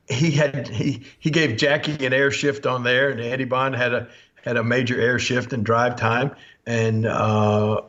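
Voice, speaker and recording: A Memphis man in his sixties with a Southern American accent hosts a podcast, spinning anecdotes in a mid-range voice. He chuckles often, stays animated, and acts out the quotes he tells. The audio is dull, lo-fi podcast quality.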